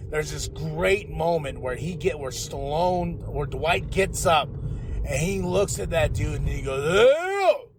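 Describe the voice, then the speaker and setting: A man hosting a podcast, giving a casual, rambling, profane recap of a TV episode, with loud bursts when excited. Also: on the high side, unhurried, background noise. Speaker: podcast host.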